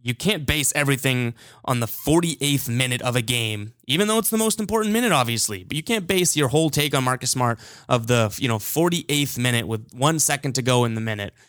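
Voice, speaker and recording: A man's voice: medium pitch, fairly quick, few pauses, no room sound, clean studio sound. A man hosting a sports podcast, talking casually and with strong opinions, often restarting his sentences. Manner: animated, opinionated, with frequent restarts. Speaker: podcast host.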